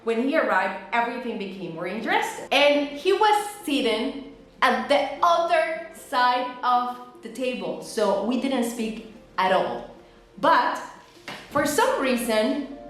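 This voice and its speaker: A woman, telling a storytime vlog and acting out quotes with dramatic jumps in pitch. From Mexico. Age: 30s. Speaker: vlogger. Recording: very echoey room, faint music.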